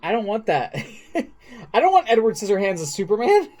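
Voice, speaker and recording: A man's voice: sits high, huge pitch swings, fairly quick, darkish tone. A man co-hosting a podcast in casual chat, easygoing, bantering and steering the conversation. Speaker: podcast co-host.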